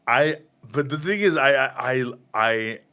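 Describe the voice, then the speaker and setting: A man's voice: mid-range voice, a little slow, clear, resonant tone. A man in his thirties, a stand-up comedian, telling anecdotes in a casual interview and acting out the people in them. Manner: animated, acts out voices in anecdotes.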